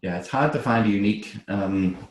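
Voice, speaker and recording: A man's voice: on the low side, a little fast, roomy sound, rough recording. A man from England in casual chat as host, friendly and talkative with frequent restarts. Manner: chatty and friendly, with many restarts.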